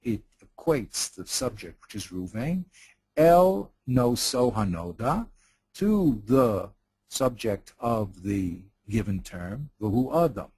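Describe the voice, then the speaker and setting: A man's voice: fairly low pitch, expressive, slow, darkish tone, slightly rough, dry recording, poor audio. A man teaching in a study session, patiently explaining a text, repeating himself and checking that his partner follows.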